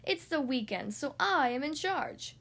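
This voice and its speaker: A woman putting on a jolly storybook dad barking cheerful orders at his kids like troops. The voice stays high and bouncy, brisk and commanding in a friendly way. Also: animated, fairly bright tone, heavily acted. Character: cheerful bossy father in charge.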